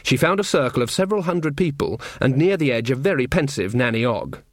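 A man narrating a story with wry, expressive storytelling. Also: mid-range voice, a little fast, dry recording, studio quality. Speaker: audiobook narrator. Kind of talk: scripted narration.

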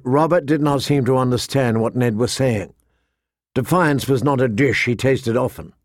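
A man with a mid-range voice narrates an audiobook from a script in a measured, even storytelling style. The clean studio recording has no room sound.

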